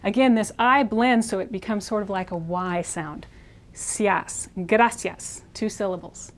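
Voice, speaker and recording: A woman leads a pronunciation lesson with a calm, mid-range voice. She slows down to model each Spanish word and says it several times so learners can copy it. Her delivery is clear and methodical. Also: medium pitch. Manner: slow, careful modeling of Spanish words, repeated for practice. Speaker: Spanish teacher. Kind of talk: instructional video lesson.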